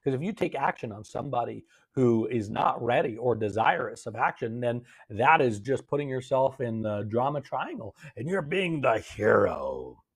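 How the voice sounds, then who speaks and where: A man hosting a live-streamed gratitude session on a phone, gently coaching viewers and answering their comments. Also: medium pitch, very animated, normal speed, vocal fry, hardly any pauses, breathy edge.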